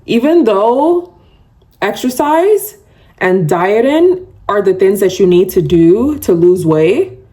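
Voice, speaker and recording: A woman's voice: mid-range voice, animated, measured pace, mellow. A woman hosting her own podcast, talking casually and chattily to listeners, with frequent laughs and a self-described love of yapping. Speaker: podcast host. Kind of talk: casual solo podcast talk.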